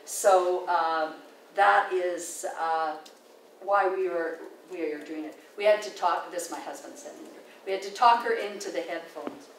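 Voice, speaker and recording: A woman's voice: fairly low pitch, measured pace. Older Canadian woman, risk manager at a meeting, chatty storyteller, recorded from a distance in a reverberant room. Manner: chatty, digressive, with many fillers and restarts. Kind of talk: informal presentation with anecdotes. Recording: echoey room, distant mic, faint noise.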